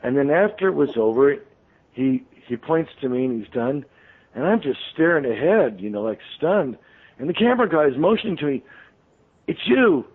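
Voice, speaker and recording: A man's voice: medium pitch, sing-song, a little fast, husky. A man, a radio show guest, telling a long story in a rambling way full of ums and restarts. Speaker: interview guest, author. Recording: tinny phone line.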